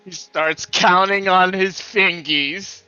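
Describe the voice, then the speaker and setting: A man narrating his actions in a tabletop role-playing game in a playful, halting way. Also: sits high, fairly even intonation, pushed and bright, smooth, dry recording, muffled recording. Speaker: player.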